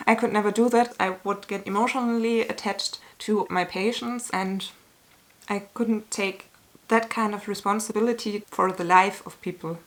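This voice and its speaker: A woman talking to camera as a YouTuber in a candid, earnest way, with slow, searching phrasing and small restarts, sometimes emotional. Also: medium pitch, fairly even intonation. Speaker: YouTuber answering a tag. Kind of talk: casual talk to camera.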